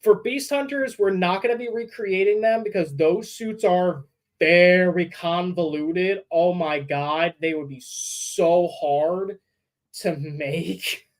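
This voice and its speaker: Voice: medium pitch, slow, rough recording. A fan film creator chatting casually on a livestream, rambling and thinking aloud, with frequent swearing.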